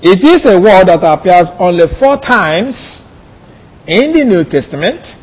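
A man teaching a Bible lesson, deliberate and repeating key phrases. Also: sits high, big pitch swings, breathy edge. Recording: long hall reverb.

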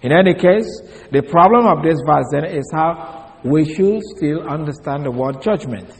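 Male Bible teacher, slightly high voice, deliberate and methodical, spells out terms, long hall reverb. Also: lively intonation. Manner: deliberate, explains step by step, spells out words letter by letter. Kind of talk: Bible study lecture.

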